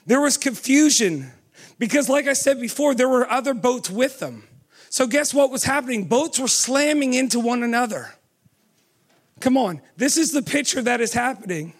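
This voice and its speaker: A man with a high voice delivers a sermon. He keeps turning to his listeners with questions and pushes them on with "come on". His pace shifts between brisk runs and slow, stretched words. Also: lively intonation. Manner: asks the audience many questions, urging with "come on"; pace swings from quick to slow and drawn out. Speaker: preacher.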